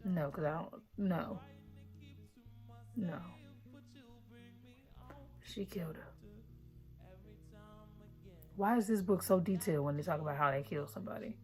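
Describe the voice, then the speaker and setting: A young woman with a somewhat low-pitched voice talks through a book's plot in a loose, chatty vlog recap. She is blunt and animated and swears freely as she reacts. Her delivery stays informal throughout. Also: measured pace, long pauses, soft background music. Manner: chatty, profane, animated retelling. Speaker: book reaction vlogger. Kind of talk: casual book recap.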